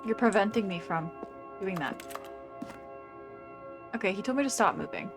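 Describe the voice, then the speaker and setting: A woman's voice: medium pitch, expressive, normal speed, music in the background. A young woman streaming a game, chatting and reacting in a casual, sometimes swearing way. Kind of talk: casual gameplay commentary.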